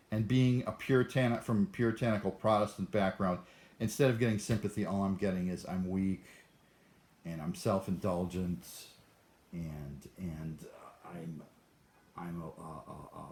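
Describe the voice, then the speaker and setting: Low-voiced man from Cleveland, neurotic, self-mocking rambling vlogger. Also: normal speed, a little mellow. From Cleveland, USA. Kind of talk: rambling monologue vlog.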